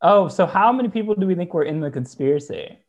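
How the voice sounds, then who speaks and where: A man's voice: high-pitched, animated, fast. Dry, skeptical male co-host. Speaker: podcast co-host. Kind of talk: casual podcast chat.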